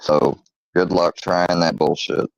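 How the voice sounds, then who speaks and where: A man hosting his own channel, rambling defensively with many fillers and pauses as he rants casually. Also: deep voice, fairly even intonation, creaky, no echo. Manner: rambling, halting, full of fillers; defensive, irritated. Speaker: channel host. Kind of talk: rambling casual vlog rant. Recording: dull lo-fi close recording.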